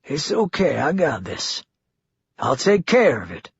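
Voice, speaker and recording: A man's voice: a little high, big pitch swings, unhurried, vocal fry, husky, dry recording, exaggerated voice. A man voicing a menacing, scheming male leader who talks falsely soothing and turns to snarling, in an audiobook. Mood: placating. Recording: dull lo-fi dry recording.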